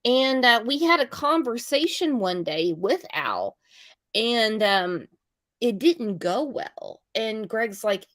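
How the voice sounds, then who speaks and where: A woman's voice: on the high side, lively intonation, slow pace, a bit bright, no room sound, studio quality. A woman hosting a casual livestream chat, reading viewer comments aloud and chatting.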